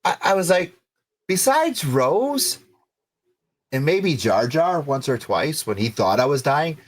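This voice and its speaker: A middle-aged man co-hosting a podcast stream, chatting in an excitable, effusive way. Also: on the high side, slow pace. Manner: excitable and effusive, voice jumping up when thrilled. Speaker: podcast co-host. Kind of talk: casual livestream chat.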